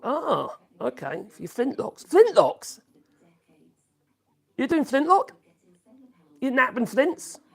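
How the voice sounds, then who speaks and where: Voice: high-pitched, wildly swooping pitch, slow pace, gravelly, pauses often, husky. A live-streamer rambling casually while reading out chat messages, humming and chuckling between thoughts, speaking into a phone in a home workshop. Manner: rambling, hums to self, frequent chuckles.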